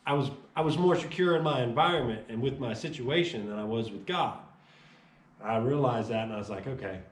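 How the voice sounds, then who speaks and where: Animated man telling his testimony, echoey room. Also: medium pitch, fairly quick, recorded from a distance. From Chicago. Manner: animated storyteller acting out dialogue. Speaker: testimony speaker. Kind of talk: personal testimony storytelling.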